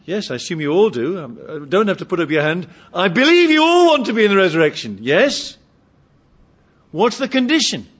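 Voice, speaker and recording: Animated, husky-voiced male preacher. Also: high voice, fairly quick, dull audio. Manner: humorous, asks the congregation questions. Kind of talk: sermon.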